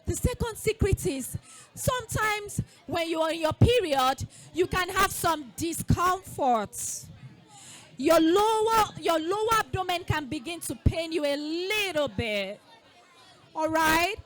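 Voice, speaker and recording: Lady talking to a bunch of girls, super high voice, slow n drawn out, gets them repeating stuff back. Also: faint music behind, some chatter behind. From Nigeria. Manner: animated, call-and-response, coaxing children to repeat. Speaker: school founder speaking to girls. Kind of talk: lively talk to children. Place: festival event space.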